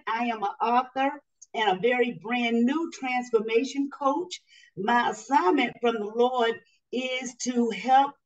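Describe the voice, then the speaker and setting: A woman's voice: on the high side, far from the mic, highs cut off. A woman in her sixties from Georgia introducing herself on a panel with chatty, self-aware asides. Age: 60s. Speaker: panelist, author and transformation coach.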